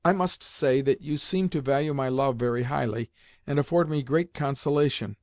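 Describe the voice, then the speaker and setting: A man's voice: mid-range voice, moderate pace, a little mellow, dry recording, clean studio sound, close to an everyday voice. A man reading the part of a stern, reproachful old aristocratic grandmother, with raised, emphatic scolding delivery.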